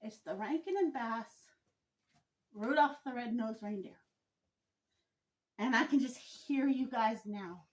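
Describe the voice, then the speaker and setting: A woman delivers an opinion commentary monologue with pointed indignation. Her voice sits high, and she takes her time and stresses each point deliberately. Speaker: vlogger.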